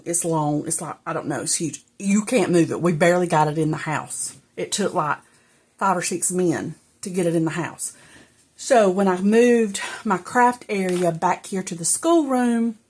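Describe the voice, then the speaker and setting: Sitting on the low side with a darkish, slightly rough tone, this middle-aged woman's voice carries casual crafting chat. A vlogger in her home craft room indoors, she's out of breath, rambling to viewers and talking herself through the work.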